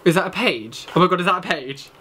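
A man's voice: high-pitched, lively intonation, fast talker. Panicky young man with background hiss. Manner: jumpy, panicky, exclamatory, swears a lot. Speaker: gaming channel host. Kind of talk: horror game reaction commentary.

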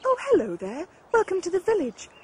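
A woman's voice: extremely high pitch, wildly swooping pitch, brisk, over loud music, full character voice. A woman voicing a prim female animal who sits on the village committee and talks in a fussy, overly polite way.

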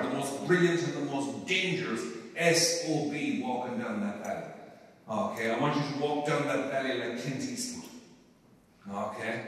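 An Irish man, a Catholic priest, giving a talk to a live audience, emphatic, swinging from loud urging to quiet asides and often repeating words. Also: medium pitch. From Ireland. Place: large parish hall. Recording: very echoey hall, distant mic.

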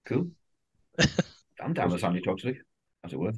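A man on a casual podcast with a lowish, somewhat husky voice. He drops wry, jokey asides into the conversation and chats easily with his co-hosts. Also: big pitch swings, normal speed, a little mellow. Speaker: podcast co-host. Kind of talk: casual chat.

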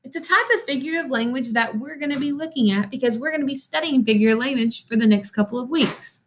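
A woman teacher with a fairly high voice reads a picture book aloud to young children. Her reading is animated and expressive. She breaks off now and then to explain things in a friendly classroom manner. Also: fast talker, a little hiss or hum, poor audio.

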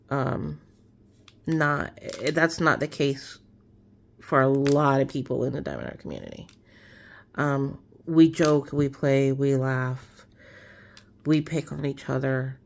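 A woman chatting casually while she crafts, relaxed and rambling with many fillers. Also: deep voice, vocal fry. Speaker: craft vlogger.

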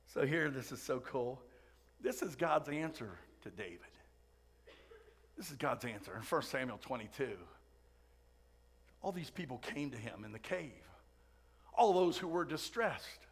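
A man's voice: on the high side, a bit bright. A man preaching a Sunday sermon in a church, chatty and full of asides and jokes. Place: church sanctuary.

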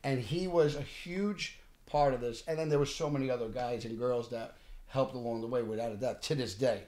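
A middle-aged man, an actor telling animated stories on a podcast. He often restarts sentences and acts out what people said. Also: mid-range voice, brisk. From Bensonhurst, Brooklyn, New York. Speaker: actor guest. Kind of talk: casual podcast storytelling.

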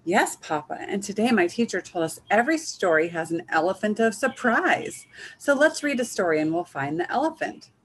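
A woman voicing an eager, stubborn little girl in a storybook, who talks in a bright, insistent, pleading way. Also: mid-range voice, big pitch swings, brisk, few pauses, husky.

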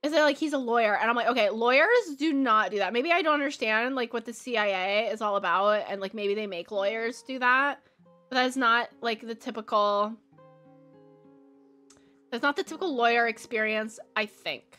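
A woman's voice: on the high side, normal speed. A woman streamer with a Valley Girl accent, chatting casually while she draws, rambling and giggling with plenty of "like". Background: soft background music.

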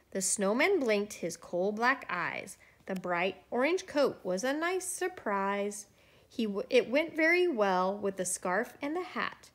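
A woman storyteller reading a rhyming children's picture book aloud with lively, rhythmic expression. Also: medium pitch, slow pace.

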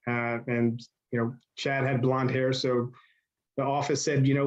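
A man's voice: mid-range voice, level tone, normal speed, highs cut off. Rambling man telling stories. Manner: rambling, lots of fillers. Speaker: interview guest. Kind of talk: casual storytelling interview.

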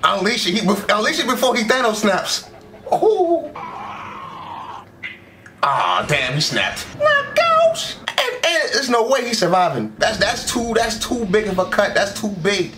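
A man giving casual, excitable reaction commentary as an anime reaction YouTuber, full of slang and quick exclamations. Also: high-pitched. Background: anime episode audio with music.

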